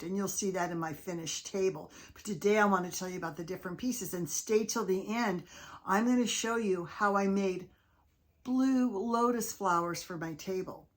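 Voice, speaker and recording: A woman hosting a casual crafting vlog, chatty and enthusiastic as she shows off her handmade pieces. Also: lowish voice. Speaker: craft video host.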